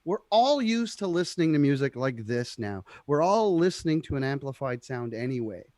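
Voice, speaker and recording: A man's voice: medium pitch, sing-song, moderate pace, a little mellow, no echo. A man, a guitarist, talking casually and with animation on a remote livestream chat, laughing often. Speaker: guitarist guest.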